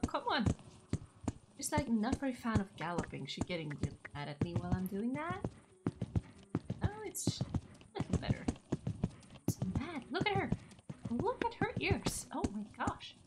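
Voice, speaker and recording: A woman's voice: on the high side, very noisy. A young woman from Norway, chatting casually through her gameplay, gushing and talking to her horse. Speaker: gaming channel host.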